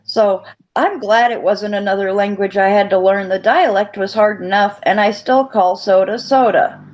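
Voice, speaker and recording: A woman's voice: medium pitch, fairly even intonation, moderate pace, darkish tone. Chatty woman on muffled lo-fi audio. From grew up in the Virgin Islands, Florida and New Mexico. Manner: chatty, rambling with restarts. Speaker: participant in an online audio space. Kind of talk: casual chat.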